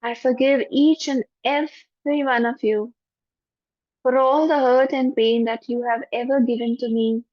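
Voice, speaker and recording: A spiritual teacher with an Indian English accent leads a guided forgiveness meditation. Her voice sits a little high, soft and soothing, and she repeats phrases slowly. The audio is dull and dry, close and lo-fi. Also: fairly even intonation, no echo.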